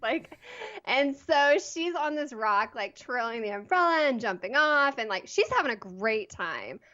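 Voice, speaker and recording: A woman in her thirties, a podcast guest telling a personal story in a chatty, animated way with lots of "like". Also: fairly high pitch, a little slow, lo-fi sound. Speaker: guest, photography blogger. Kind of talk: casual interview storytelling.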